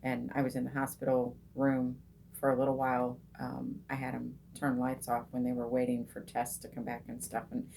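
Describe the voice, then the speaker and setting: A low-pitched, middle-aged woman coaches meditation in an easy, chatty way, stopping often with "um" and starting sentences over. When she leads the breath she slows right down and goes soft. A faint hum of room ambience sits under her voice. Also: completely flat delivery, creaky. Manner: unhurried, many ums and restarts, soft and slow when guiding the breath. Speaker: meditation coach and group host. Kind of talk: casual teaching talk on meditation.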